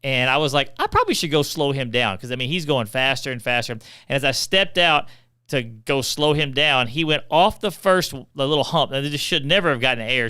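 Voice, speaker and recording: A middle-aged man, a podcast co-host telling funny family stories in a chatty, animated way. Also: medium pitch, clear, resonant tone, dry recording, studio quality. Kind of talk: casual storytelling.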